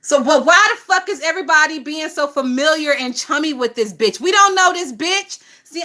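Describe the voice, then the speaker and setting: A woman hosting a casual gossip livestream, talking in a lively, profane way and laughing often. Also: high-pitched, moderate pace, few pauses. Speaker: livestream host.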